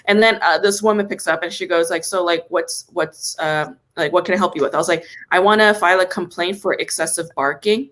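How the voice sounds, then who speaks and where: Exasperated, bright-voiced young woman ranting. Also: a little fast, hardly any pauses. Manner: exasperated rant, swears, jumps high when indignant. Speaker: comedy podcast host. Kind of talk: casual comedic storytelling.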